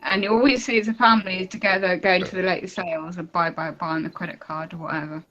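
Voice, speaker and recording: A woman's voice: on the low side, steady tone, fast, a bit bright, dull audio. A woman calling in to a live talk show, chatting in a rambling way with lots of fillers and asides. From United Kingdom. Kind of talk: casual chat.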